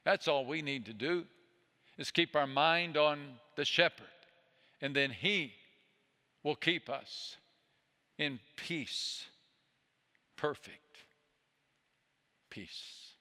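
Male pastor, sermon, unhurried pace, gentle soothing manner, long reverb of a large hall. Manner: slow, gentle, soothing delivery, often dropping low and soft.

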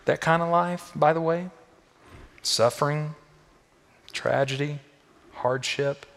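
A male pastor preaching a sermon in a church, with emphatic repeated phrases and sudden swings between quiet and loud. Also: fairly high pitch, takes it slowly, vocal fry. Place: church sanctuary. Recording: long echo of a large hall.

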